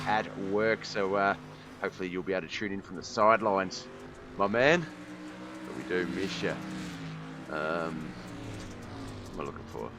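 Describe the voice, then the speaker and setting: A man hosting a live sim racing broadcast on a headset mic, scattered and apologetic, thinking out loud between notes, with the hiccups. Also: sits low, background noise. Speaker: race commentator and stream host.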